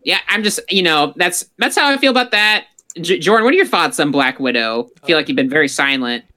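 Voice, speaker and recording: A bright, clear voice belonging to a podcast co-host who rambles through opinionated pop-culture chat. The talk loops through a lot of fillers and restarts. Its pitch sits in the middle range. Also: expressive, brisk.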